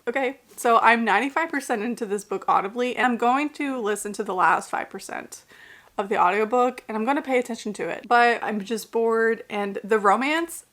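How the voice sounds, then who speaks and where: Young woman, book vlogger, slightly high voice, gushing casual chat, lots of fillers. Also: a little fast, fairly bright tone. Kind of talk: casual reading vlog chat.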